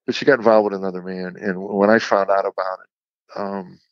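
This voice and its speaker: A man, a comedian guest on an interview show, telling a candid personal story in a halting, reflective way with frequent restarts. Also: sits low, level tone, no room sound. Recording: dull lo-fi sound.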